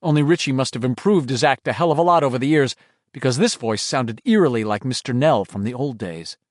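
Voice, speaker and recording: A man's voice: medium pitch, lively intonation, fairly quick, no echo, clean studio sound. A man reading a horror audiobook aloud in dramatic scripted narration. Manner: dramatic, shifting delivery.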